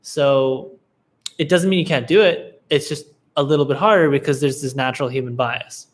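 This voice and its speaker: A man's voice: medium pitch, moderate pace. A laid-back young man hosting a live Q&A, giving casual business advice with lots of fillers and restarts. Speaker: livestream Q&A host, agency coach.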